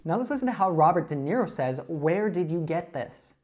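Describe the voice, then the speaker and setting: A woman presenting an online English lesson, explaining clearly and speaking directly to viewers. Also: fairly low pitch, animated, fairly quick, music in the background. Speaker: English teacher.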